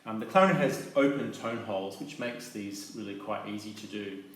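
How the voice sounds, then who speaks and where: A man explaining clarinet techniques in a calm, methodical teaching manner, with soft fillers between his points. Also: fairly low pitch, fairly quick. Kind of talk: instructional demonstration. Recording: very echoey room with faint noise.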